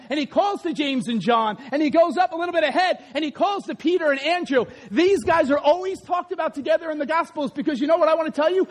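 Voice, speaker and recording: Man preaching, very high voice, animated, acts out scenes, shouts at peaks. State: out of breath after acted run. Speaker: pastor. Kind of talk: lively sermon.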